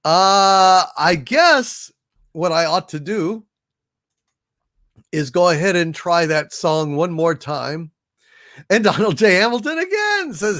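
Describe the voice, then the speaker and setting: High-voiced man hosting a slow live stream. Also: expressive, fairly bright tone, no room sound, studio quality. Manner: rambling, with frequent filler hesitations. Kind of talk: casual live stream chat reading super chats.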